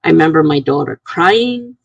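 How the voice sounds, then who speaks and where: Gravelly middle-aged woman telling a story. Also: sits low, lively intonation, dry recording, dull audio. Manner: rambling, halting, full of restarts and "I'm like". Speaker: live streamer. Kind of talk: casual personal storytelling.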